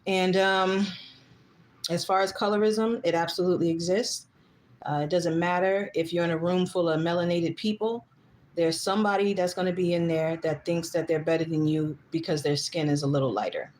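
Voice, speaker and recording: Chatty woman livestreaming, low-pitched. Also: steady tone, normal speed, darkish tone, a little hiss or hum. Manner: chatty, rambling, reads comments aloud; gets heated and emphatic. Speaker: livestream host. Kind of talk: casual livestream monologue.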